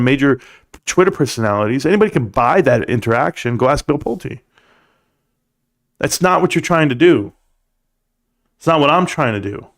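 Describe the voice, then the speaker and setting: A man hosting a live stream, giving a preachy, animated pep talk and reading chat comments aloud. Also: fairly high pitch. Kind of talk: casual live stream monologue.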